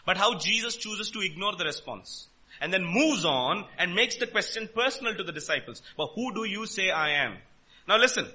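A man preaching a sermon, emphatic and full of rhetorical questions, swinging between loud and quiet. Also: high voice. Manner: emphatic, rhetorical questions, rises and drops in volume.

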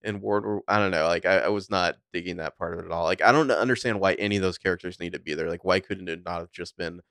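Casting: man, very low smooth voice, dry close mic, chatty film critic. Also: fast, fairly bright tone, dry recording. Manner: rambling, filler-heavy, opinionated. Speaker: podcast co-host. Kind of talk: casual movie review chat.

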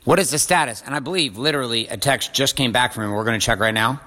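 A man's voice: medium pitch, fast talker, pushed and bright. A middle-aged man hosting a motivational show, ranting bluntly and profanely with lots of driving repetition. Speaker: podcast host and coach. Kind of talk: intense motivational rant.

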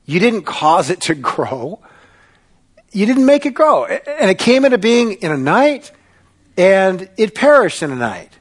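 A male pastor preaching a sermon, dramatic and sarcastic, swinging between loud bursts and hushed asides. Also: high voice.

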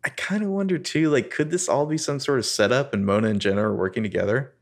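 A man co-hosting a podcast, commenting on a TV episode in a relaxed, chuckling way. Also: medium pitch, quick pace. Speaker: podcast co-host. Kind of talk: casual chat.

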